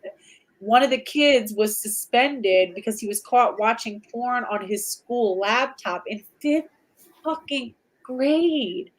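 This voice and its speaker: High-voiced blunt woman host. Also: unhurried, low-quality recording. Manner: blunt, profane, animated storytelling. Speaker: podcast host. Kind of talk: casual chat.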